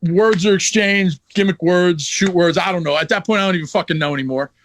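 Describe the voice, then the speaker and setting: A man's voice: high-pitched, a little fast, a bit bright. A man who is a wrestler guest, telling a story in a blunt, profane, heated way in a casual interview.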